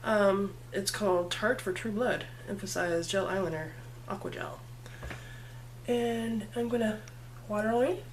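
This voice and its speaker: A woman's voice: mid-range voice, a little slow, a little hiss or hum. A woman chatting playfully through a makeup tutorial, talking to herself as she works. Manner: chatty, playful, talks to herself while working. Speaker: makeup vlogger. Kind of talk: casual makeup tutorial chat.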